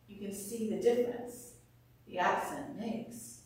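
A woman teaching about scripture in a calm, measured voice. Her voice rings in a very echoey room. She sounds set back from the microphone. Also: medium pitch, recorded from a distance. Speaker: Bible teacher. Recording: roomy echo, voice somewhat off-mic.

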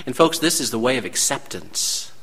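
A man's voice: mid-range voice, very animated, moderate pace, creaky, a bit bright, slightly rough, in a large hall. A man preaching a sermon, dramatic and full of rhetorical questions to his congregation. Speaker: pastor.

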